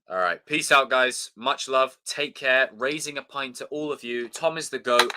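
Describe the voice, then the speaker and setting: A man's voice: mid-range voice, normal speed, hardly any pauses, sharp tone. A young man hosting a live stream, chatting loosely, swearing and thanking viewers by name. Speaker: livestream host. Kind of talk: casual live stream sign-off chat.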